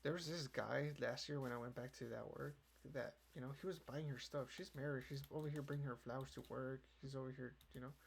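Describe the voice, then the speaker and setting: Young guy rambling on his podcast, gravelly voice, swears a lot, keyboard clicking and noisy background. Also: medium pitch, fairly even intonation, brisk, few pauses. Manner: rambling, profane, fills with "you know". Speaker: podcast host. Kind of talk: casual chat. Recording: keyboard clicks and noise behind.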